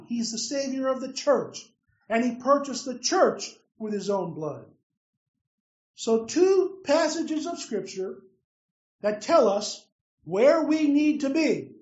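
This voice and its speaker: A man preaching a sermon, emphatic, putting questions to his listeners and answering them himself. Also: extremely high pitch. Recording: roomy, distant, dull lo-fi sound.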